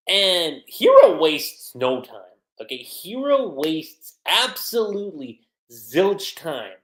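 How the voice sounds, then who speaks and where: Slow, animated man reviewing manga. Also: fairly high pitch, echoey room. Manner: animated, chatty, frequent laughter and fillers. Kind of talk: casual livestream commentary.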